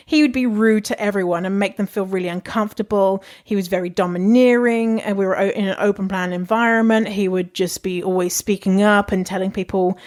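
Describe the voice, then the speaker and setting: Young woman, solo podcast host, frank and chatty with plenty of swearing and laughter. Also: medium pitch. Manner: candid and chatty, swears freely, laughs often. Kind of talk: casual advice monologue.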